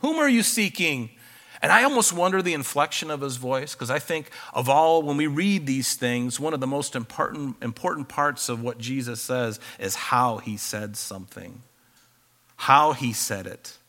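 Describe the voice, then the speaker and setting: A man's voice: mid-range voice, normal speed, a bit bright. A man preaching a sermon, reading scripture aloud and then explaining it in a conversational way.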